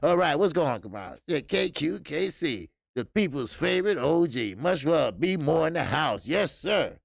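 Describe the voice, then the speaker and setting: A man's voice: a little high, sing-song, moderate pace, gravelly, dry recording, studio quality. A man hosting a casual boxing livestream, talking loosely and profanely, reading out chat and breaking into laughter.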